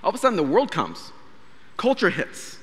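A man in his thirties, a pastor, preaching a sermon and telling a story, acting out quoted dialogue with animated delivery. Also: high-pitched, moderate pace, in a large hall. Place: church sanctuary.

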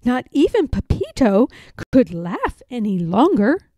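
A woman reads a rhyming children's picture book aloud, her rhythmic delivery slow and unhurried. Her voice is mellow and rather high, with a lively sing-song rise and fall. The recording is dry and close. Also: dry recording. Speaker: storybook reader.

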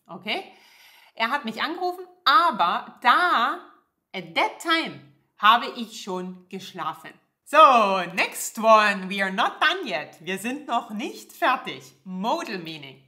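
Slow, lively-voiced teacher woman. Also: on the high side. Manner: slow and clear, checks in with "yeah?" and "okay?". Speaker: German teacher. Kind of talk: language lesson.

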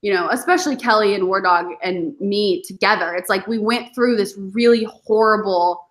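A woman, a guest on a podcast, telling animated stories in casual chat and acting out her past self. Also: medium pitch, normal speed. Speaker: podcast guest, former reality show contestant.

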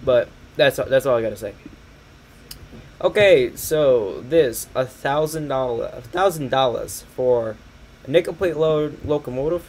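A young man riffs his way through a product catalog in loose, sarcastic commentary, cursing freely and breaking into laughs. His voice sits in an ordinary middle pitch, with a faint hum under it. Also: unhurried, a little mellow. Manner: rambling, sarcastic, swears a lot, laughs often. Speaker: streamer. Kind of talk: casual commentary over a catalog.

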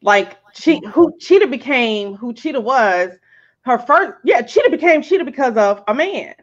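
A woman with a somewhat high voice gives an animated, emphatic and profane movie review in casual chat. The audio is a little dull and lo-fi, as if from a live video call. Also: moderate pace. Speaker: podcast co-host.

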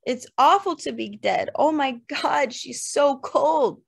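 A woman's voice: high voice, lively intonation, slow, gravelly, voice pushed up, heavily acted. A woman voicing a distraught young man. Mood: anguished.

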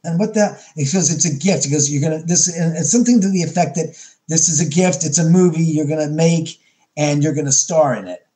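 Animated man telling a story, mellow voice. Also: on the high side, fairly quick. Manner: animated, acts out his own quotes with many restarts. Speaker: podcast guest. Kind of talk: storytelling interview.

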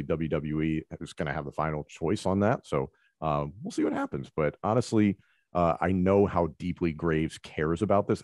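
A man who works as a wrestling commentator, answering interview questions in a relaxed, conversational way and explaining with examples. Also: low voice, no room sound, studio quality.

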